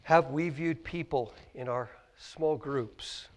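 A man's voice: mid-range voice, slow pace. A man with a Midwestern American accent preaching a sermon in a church, earnest, full of questions, sometimes tripping over and repeating his words. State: choked up with emotion. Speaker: pastor. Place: church sanctuary.

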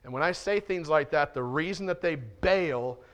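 A man's voice: a little high, moderate pace, a bit bright. A man preaching a sermon as pastor in a church, talking directly to his listeners and often asking rhetorical questions.

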